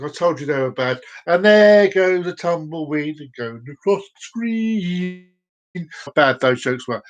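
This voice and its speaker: Guy rambling on his live stream, cracking bad puns, voice a bit high. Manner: jokey and rambling, with groan-worthy puns; chats directly to viewers by name. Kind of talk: casual live-stream chat.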